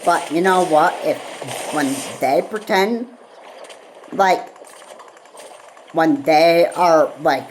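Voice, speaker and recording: A woman vlogger in a rambling solo rant, halting and repetitive, with frequent pauses and fillers. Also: on the low side, a little hiss or hum, poor audio.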